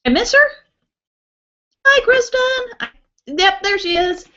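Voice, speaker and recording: A woman's voice: very high-pitched, very animated, unhurried. A young woman chatting casually on a live stream at home, reading out viewer comments and giggling often. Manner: chatty, giggly, reacts brightly to viewer names. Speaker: beauty vlogger hosting a live stream. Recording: muffled, lo-fi webcam audio.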